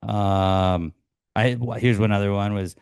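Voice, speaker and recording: A man co-hosting a casual podcast chat, jumping up in pitch when he quotes punchy sayings. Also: measured pace, creaky, clear, resonant tone. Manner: animated, jumps higher when quoting punchy sayings. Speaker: podcast co-host.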